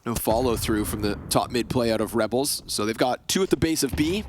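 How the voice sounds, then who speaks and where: A man with a sick voice doing quick, excitable play-by-play esports commentary with jokes. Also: mid-range voice, a little hiss or hum. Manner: fast, excitable, jokey. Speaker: esports caster.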